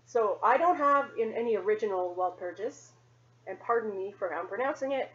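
A woman's voice: medium pitch, expressive, fairly quick, a bit bright, lo-fi sound. A woman doing a casual show-and-tell vlog at home, chatty, rambling and self-deprecating. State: sweaty after cleaning. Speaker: doll-collecting vlogger. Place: home condo.

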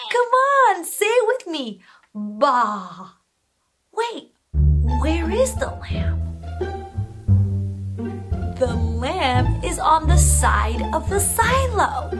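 A woman who is a bilingual speech therapist, teaching toddlers slowly in a sing-song, exaggerated way and making animal sounds. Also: very high-pitched. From United States. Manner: sing-song, exaggerated, switches between English and Spanish.

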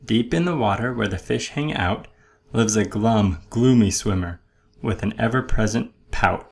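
Slow gravelly guy reading a rhyming kids book aloud. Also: mid-range voice, lively intonation. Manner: rhythmic rhyming storytelling. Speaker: storybook reader. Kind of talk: children's read-aloud.

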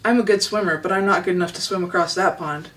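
A squeaky, eager little gosling boy in a storybook reading, voiced by a woman. The voice sits a little back from the mic, with some distance in the sound. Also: fast, close to an everyday voice. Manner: squeaky, excited. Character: young male gosling, eager and excitable.

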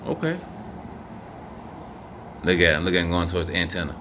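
A man filming the night sky on his phone outdoors, giving excited and profane running commentary to his viewers. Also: sits low, fairly quick, pauses often. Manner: animated, profane, incredulous, talks to viewers. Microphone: phone camera. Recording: noisy outdoor phone recording. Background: crickets and insects, passing vehicles.

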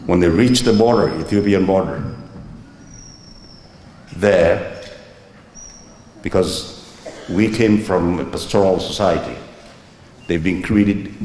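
A man from Somaliland recounting events in slow, measured storytelling. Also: low voice, a little mellow. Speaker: speaker recounting history. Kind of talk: spoken recollection. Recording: echoey hall, faint noise.

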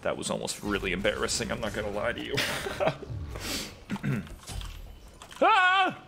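A man's voice: lowish voice, measured pace, creaky, background noise. A young man giving live commentary over his own game, trash-talking opponents and joking with heavy profanity. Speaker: gaming content creator.

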